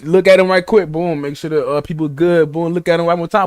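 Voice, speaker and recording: A man's voice: fairly high pitch, steady tone, fairly quick, hardly any pauses, a little mellow, clear, resonant tone, no room sound, clean studio sound. A young man, reacting to a video in casual, slangy, rambling commentary to his chat. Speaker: streamer reacting to a story video. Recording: music playing behind.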